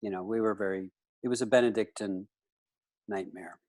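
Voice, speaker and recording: Low-voiced rambling man. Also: steady tone, normal speed, a little mellow. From United States. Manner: rambling, with frequent "you know" fillers. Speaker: guest. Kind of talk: casual interview chat.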